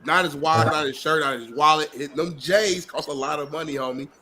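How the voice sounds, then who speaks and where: Male co-host, teasing banter, slightly high voice, faint background noise. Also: a little fast, sharp tone. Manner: teasing banter, greets the live chat. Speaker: podcast co-host. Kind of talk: casual chat.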